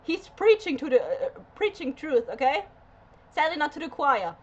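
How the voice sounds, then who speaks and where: A woman's voice: high voice, sing-song, moderate pace, dull audio. A woman hosting a reaction video, ranting emphatically with lots of swearing and fillers. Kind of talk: casual rant.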